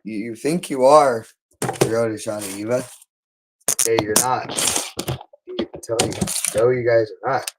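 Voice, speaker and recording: A man's voice: mid-range voice, a little slow, pauses often, noisy background. A man talking alone on a livestream, repeating himself insistently. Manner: repetitive and insistent. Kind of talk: unscripted livestream monologue.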